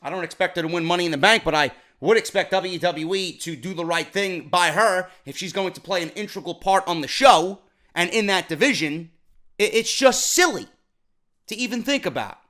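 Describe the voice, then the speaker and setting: A man tears into a wrestling broadcast in a blunt, profane solo review, exasperated and stumbling over repeated words as he goes. His voice sits high for a man and has a bright, sharp edge. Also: moderate pace. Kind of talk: ranting solo show review.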